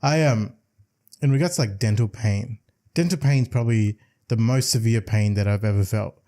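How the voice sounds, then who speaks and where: Mellow-voiced man chatting casually. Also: fairly low pitch, normal speed. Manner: relaxed, explanatory, with fillers. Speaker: podcast co-host. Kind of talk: casual chat.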